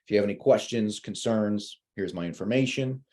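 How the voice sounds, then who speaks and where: A man, an insurance agent, telling sales stories in a casual, animated way and acting out callers in a higher voice. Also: brisk. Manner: many fillers and restarts. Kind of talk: casual webinar talk.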